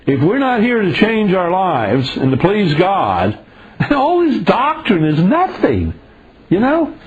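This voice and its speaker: Animated older preacher, lo-fi recording. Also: male voice, high voice, slight background noise. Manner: animated, sarcastic, acts out mocking voices of critics. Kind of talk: informal sermon to a small gathering. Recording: dull lo-fi recording.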